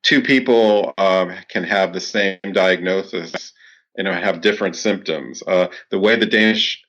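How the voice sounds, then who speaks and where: A man, a clinical psychologist, answering interview questions in a steady explanatory way, with frequent "you know" fillers. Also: low-pitched, a little slow, lo-fi sound.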